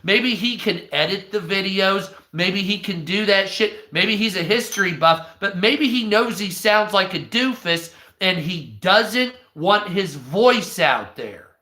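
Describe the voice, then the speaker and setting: High, bright-voiced man ranting. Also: unhurried, few pauses, reverberant. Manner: profane, animated, acts out quoted voices. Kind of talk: casual ranting commentary.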